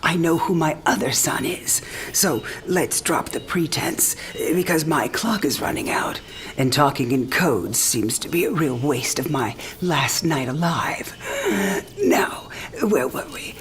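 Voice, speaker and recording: A woman's voice: sits low, lively intonation, unhurried, a little hiss or hum. An actress playing a dying old woman who talks frankly, teasing and tender by turns. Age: older. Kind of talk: game cinematic voice acting.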